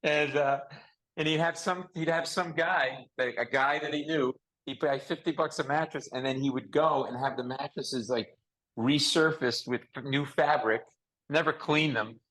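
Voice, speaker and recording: A man hosting a casual comedic chat over a video call, with a nasal voice, telling jokey stories in an animated way. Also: mid-range voice, normal speed, low-quality recording. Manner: animated storyteller, joking. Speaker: podcast host.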